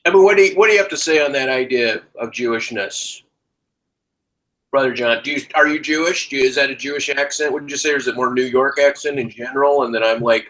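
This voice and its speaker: A man's voice: medium pitch, fast talker, a bit bright, low-quality recording. A man hosting a casual chat show, rambling and joking, sometimes breaking into sarcastic rants. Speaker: podcast host.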